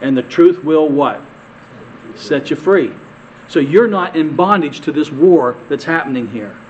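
A male pastor preaching a conversational sermon, asking the congregation questions and repeating words, swinging from emphatic peaks to quiet asides. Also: fairly high pitch, expressive, unhurried, lo-fi sound, slight background noise.

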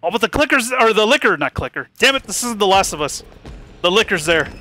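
A man giving live commentary while playing a horror game, excitable, swearing and yelping at scares. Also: high-pitched, a little fast.

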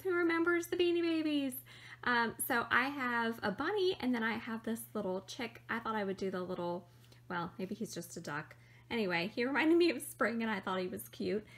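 A woman's voice: mid-range voice, a bit bright. Chatty upbeat woman vlogger. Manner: chatty, upbeat, with frequent ums. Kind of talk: casual show-and-tell vlog.

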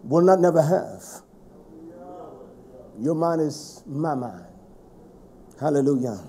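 A middle-aged man preaching a fiery sermon, swinging between shouts and hushed, low passages. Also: animated, slow pace, a little hiss or hum.

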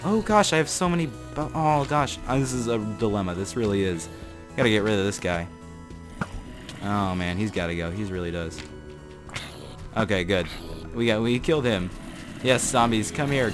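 A young man narrating his own gameplay, chatty and excitable, jumping from mumbles to panicked shouts. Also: medium pitch. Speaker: gaming channel host. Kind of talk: gameplay commentary.

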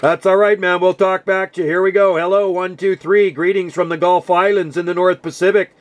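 A man's voice: high voice, level tone, a little fast, heavy background noise. A man working a CB radio contact, friendly and repeating call signs over the air. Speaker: CB radio operator.

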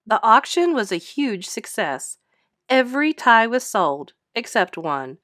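A woman teacher reading a children's picture book aloud in an expressive, sing-song storytelling voice, close to the mic. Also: on the high side, measured pace, no room sound.

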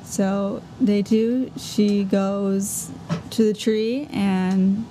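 A female podcast co-host with a warm, mellow tone, speaking at a mid pitch. She retells a fairy tale in an easygoing, conversational way and trades lines with her partner. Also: very slow, slight background noise, low-quality recording. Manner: relaxed and conversational, chiming in. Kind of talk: casual storytelling chat.

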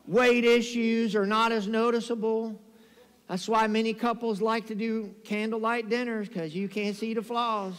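A man preaching a sermon as pastor, telling lively stories and calling on the congregation to say amen. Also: very high voice, moderate pace, long reverb tail. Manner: animated storytelling preacher, calls for amens. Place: church sanctuary.

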